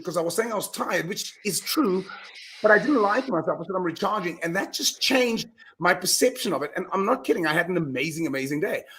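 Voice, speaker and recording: A man talking as a guest in a casual interview, telling animated stories and acting out his own self-talk, often restarting words. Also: sits high. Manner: animated storyteller, repeats words when restarting. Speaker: podcast guest, mindset coach.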